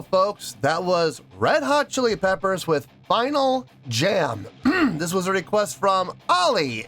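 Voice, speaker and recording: Male reaction host, slow and swooping delivery, theatrical outrage, faint music underneath. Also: high voice. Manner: animated mock outrage, drawn-out emphasis. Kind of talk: casual reaction vlog.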